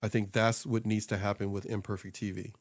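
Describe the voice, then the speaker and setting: A man with a somewhat low voice talks loosely and animatedly as a co-host, often laughing and slipping into voices to quote people. He sounds close and dry, as if recorded in a small home studio. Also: little pitch movement, brisk, no room sound. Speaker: podcast co-host and social media coach. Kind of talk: casual chat.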